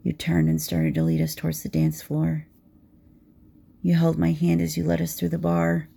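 A woman telling an intimate second-person romance story in a soft voice that slips into whispers. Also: low voice, completely flat delivery, moderate pace, creaky, breathy edge.

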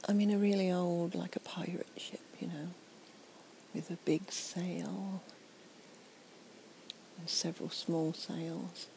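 A woman, slightly tipsy, giving a soft, rambling, whispered night-time ASMR chat outdoors near trees and a fountain on a portable recorder. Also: on the low side, level tone, slow, vocal fry, long pauses, a little hiss or hum, low-quality recording.

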